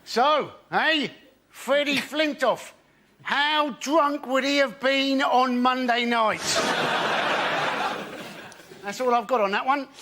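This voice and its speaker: A man delivering dry one-liners as a panel comedian in a TV studio. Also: very high-pitched. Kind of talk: stand-up routine. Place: TV studio with audience. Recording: steady hiss.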